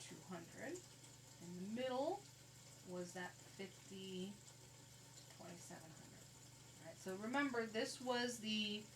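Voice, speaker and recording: A woman's voice: mid-range voice, fairly bright tone. Woman, math teacher, conversational lecture, a little distant from the mic, faint background hiss. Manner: conversational, walks through calculator steps. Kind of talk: recorded classroom lecture. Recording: faint noise, voice a bit off-mic.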